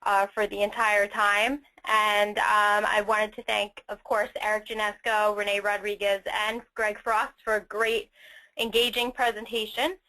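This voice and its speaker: A woman's voice: medium pitch, little pitch movement, measured pace, bright, forceful tone, low-quality recording. A woman from the organizing magazine, politely thanking attendees and presenters at the close of a webinar. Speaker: magazine representative moderating. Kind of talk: webinar sign-off.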